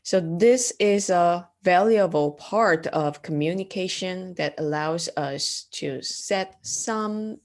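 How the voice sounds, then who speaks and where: A woman teaching an art class, explaining design terms step by step with frequent ums and uhs and questions to the class. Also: fairly low pitch. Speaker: art instructor. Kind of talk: lecture.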